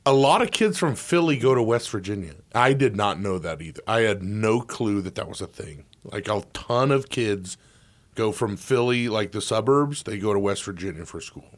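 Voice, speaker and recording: Animated sports radio co-host, man. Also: lowish voice, moderate pace. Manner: animated, excitable. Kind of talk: casual sports radio chat.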